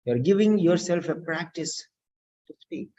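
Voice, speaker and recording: A language teacher giving an instructional lesson, speaking slowly and deliberately and repeating key words. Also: medium pitch, expressive, mellow. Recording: dull lo-fi recording.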